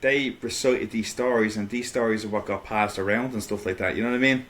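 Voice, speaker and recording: A man with an Irish accent, a guest in a casual remote conversation, talking in animated, loose restarts and swearing now and then. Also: on the low side, brisk. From Ireland.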